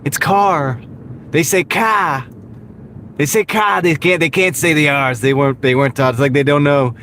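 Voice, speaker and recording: A man's voice: mid-range voice, fairly even intonation, fairly quick, fairly bright tone, lightly acted. A man putting on the voice of a blustering, pompous older male politician who boasts and repeats himself, over the road noise of a moving car. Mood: mocking. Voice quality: boastful, repetitive.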